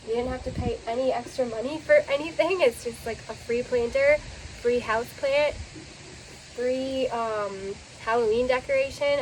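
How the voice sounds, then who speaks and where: A woman vlogging outdoors on her deck and porch, chatty and enthusiastic as she talks straight to her viewers. Her voice sits a little high. A faint outdoor ambience runs underneath. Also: a little mellow, a little hiss or hum, low-quality recording. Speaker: home and garden vlogger. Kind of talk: casual vlog narration.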